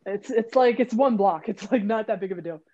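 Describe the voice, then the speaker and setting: Woman, mellow warm tone, lively storytelling, voices quotes with high jumps, slightly muffled sound. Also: a little fast. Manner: animated, acts out quotes with jumps in pitch. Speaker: guest. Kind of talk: casual storytelling.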